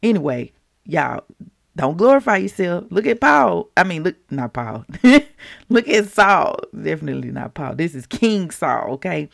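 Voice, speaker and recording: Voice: medium pitch, big pitch swings, a little slow, vocal fry, no echo, studio quality. A devotional podcast host, reading scripture with chatty, jokey asides. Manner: chatty, jokey asides, laughs at own slips. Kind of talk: casual Bible reading and commentary.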